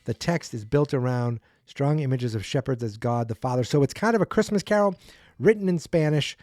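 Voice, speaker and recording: A man with a dark, mellow voice talks through a sitcom plot in a loose, rambling recap. He pops into higher, sillier voices for the characters' quotes. The sound is close and dry, with no room around it. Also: a little fast, no room sound. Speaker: podcast host. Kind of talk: casual episode recap.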